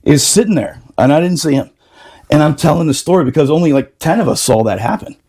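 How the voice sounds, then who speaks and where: A man who is a Marine veteran, casually telling a war story on a podcast, animated, laughing and swearing freely. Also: a little high, fast, breathy edge.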